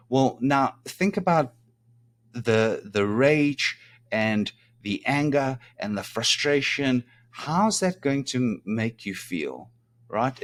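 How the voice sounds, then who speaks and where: A middle-aged man giving a self-help talk in a casual way, often asking "right?" to check in with his listener. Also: medium pitch. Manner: conversational, rhetorical "right?" asides. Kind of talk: video talk.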